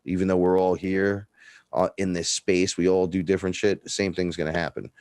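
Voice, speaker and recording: A man's voice: sits low, brisk, no echo, clean studio sound. A man telling stories in a casual, profane chat, acting out the dialogue. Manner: profane, animated, acts out dialogue in his stories. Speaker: guest.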